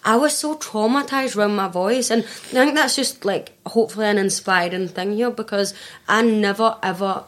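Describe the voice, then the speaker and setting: Fast-talking Glaswegian woman. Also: medium pitch, fairly bright tone. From Scotland. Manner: fast, chatty, frequent fillers and restarts. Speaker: life and business coach, guest. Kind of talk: casual podcast conversation.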